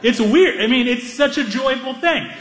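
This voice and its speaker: A young man doing stand-up comedy, telling a story with animated delivery and acting out the people in it. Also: very high voice, normal speed, in a large hall, slight background noise.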